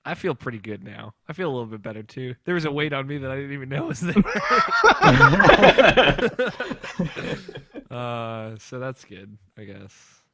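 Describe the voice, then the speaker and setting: A man's voice: mid-range voice, huge pitch swings, unhurried, pauses often, bright, forceful tone. A young man hosting a podcast in casual, rambling chat, laughing often. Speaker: podcast host.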